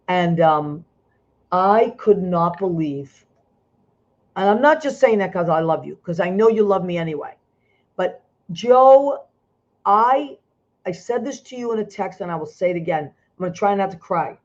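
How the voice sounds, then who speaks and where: A woman's voice: lowish voice, moderate pace, darkish tone. A woman hosting a talk show over a video call, emotional and effusive, restarting her sentences as she speaks. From Italian-American. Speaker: host. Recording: dull lo-fi video call audio.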